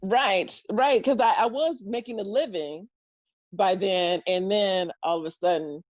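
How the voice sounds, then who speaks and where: A woman guest telling a story in an animated way, laughing often and acting out what people said. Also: a little slow, no room sound. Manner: acts out quotes in loud high voices. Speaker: podcast guest.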